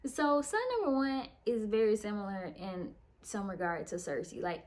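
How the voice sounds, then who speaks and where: A woman's voice: mid-range voice, moderate pace, darkish tone. Casting note: woman book reviewer, tired late-night chat, slangy and profane, mid-range voice. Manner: slangy, profane, meandering retelling with mimicked dialogue. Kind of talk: casual book recap.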